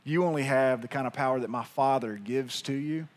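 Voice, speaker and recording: A man voicing Jesus inside a sermon, speaking quietly and firmly. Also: mid-range voice, a little fast, pitched below the performer's own voice, lightly acted. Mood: resolute. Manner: quiet, firm. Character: Jesus, calm resolute grown man.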